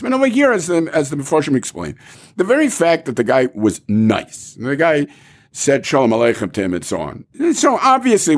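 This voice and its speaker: A man teaching a Talmud class, explaining animatedly and asking rhetorical questions, with Hebrew terms mixed in. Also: mid-range voice.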